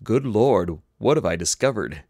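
A man's voice: lowish voice, animated, normal speed, a little mellow, husky, dry recording, studio quality. A man voicing a tense male ship's engineer who talks in clipped exclamations.

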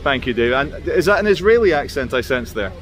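A man's voice: medium pitch, lively intonation, a little fast. A man vlogging outdoors on city streets, giving joking running commentary and chatting with passersby.

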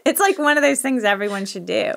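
A middle-aged woman with a Southern US accent, chatting as a podcast guest, quick-talking and often laughing. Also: a little high, expressive, vocal fry, fairly bright tone. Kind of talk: casual conversational interview.

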